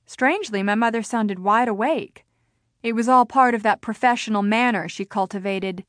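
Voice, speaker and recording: A woman narrating a novel in the first person, with an even storytelling delivery. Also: medium pitch, normal speed, no echo, clean studio sound. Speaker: audiobook narrator.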